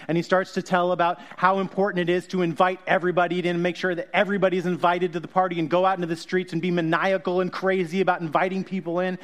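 A man's voice: high-pitched, a bit bright. A man preaching a conversational sermon, joking, laughing and correcting himself as he goes. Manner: jokey, self-correcting, laughs often. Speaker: pastor.

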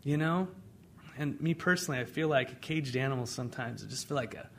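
A man preaching a sermon as pastor, in a conversational way, swinging between loud emphasis and hushed asides. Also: medium pitch, a little fast, creaky, slight background noise.

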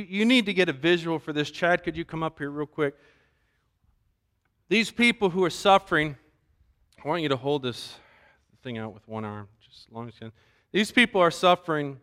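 A man pastor preaching a sermon, animated and acting out the voices he quotes. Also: high voice.

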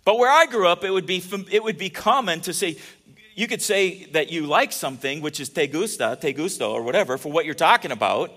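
A man's voice: a little high, lively intonation, a little fast, fairly bright tone. A man preaching a casual, joking sermon, telling stories and often restarting his sentences. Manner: chatty and joking, with many restarts. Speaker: pastor.

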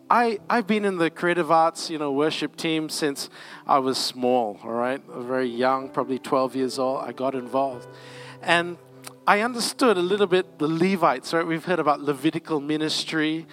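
Man, preaching, conversational, slightly high voice, church setting, soft music underneath. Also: normal speed. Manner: conversational with asides and laughs. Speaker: pastor. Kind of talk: sermon.

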